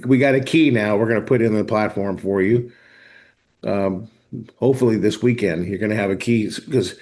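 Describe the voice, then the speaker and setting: Casual man demoing software live. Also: fairly low pitch. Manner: casual, talks to viewers directly, thinks aloud while clicking. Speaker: host of a software training session. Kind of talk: live screen-share walkthrough.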